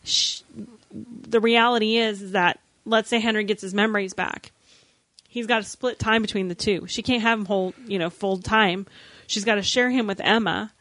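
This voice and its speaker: A woman's voice: mid-range voice, normal speed, no room sound. Woman podcast cohost, chatty, acts out the quotes, dry close mic. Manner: animated, acts out quoted lines, many restarts. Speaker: podcast co-host. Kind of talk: casual chat recapping a TV episode.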